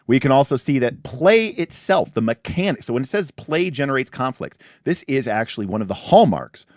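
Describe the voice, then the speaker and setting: Speaking briskly in a mid-range voice, a male livestream host talks casually through tabletop game rules. He's animated, with lots of restarts and asides, and the recording is dry.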